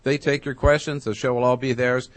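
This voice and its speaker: A man hosting a talk radio contest, halting with lots of uh fillers. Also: mid-range voice, flat delivery, dry recording. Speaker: radio host.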